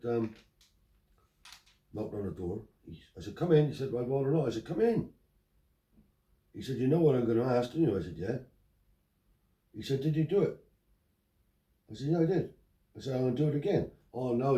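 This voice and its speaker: A man's voice: mid-range voice, brisk, long pauses. An older man, telling stories and acting out the dialogue in a casual chat. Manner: animated storyteller acting out dialogue. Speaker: interviewee, Romany Traveller. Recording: roomy, picked up from a distance.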